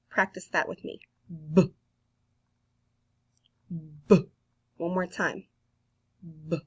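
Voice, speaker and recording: A woman with a Southern US accent, teaching a kindergarten phonics lesson slowly and patiently, sounding out letters. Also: lowish voice, steady tone, breathy edge.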